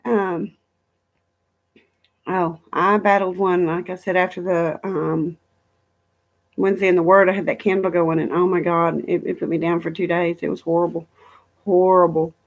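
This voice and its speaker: A woman's voice: lowish voice, little pitch movement, normal speed, long pauses, dull audio. A middle-aged woman chatting casually on a live stream from home, rambling through travel stories and reading viewer comments aloud. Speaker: livestream host.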